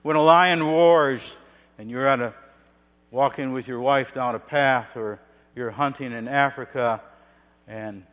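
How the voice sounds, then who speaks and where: A man preaching a sermon, building from quiet, hushed phrases to loud, swelling passages. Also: mid-range voice, takes it slowly. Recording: tinny phone-like sound in a reverberant hall with hum.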